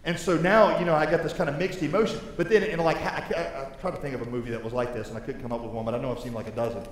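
Animated preaching man in an echoey hall. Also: medium pitch, rapid-fire. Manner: animated, conversational preaching with big swings in loudness. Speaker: pastor. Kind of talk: sermon. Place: large church sanctuary. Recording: echoey hall with faint noise.

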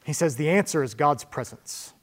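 A man preaching a sermon in a church, conversational, slowing down to stress key lines and asking the room questions. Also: on the high side, animated. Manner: conversational preaching, slows for emphasis, rhetorical questions. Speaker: pastor. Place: church sanctuary with congregation.

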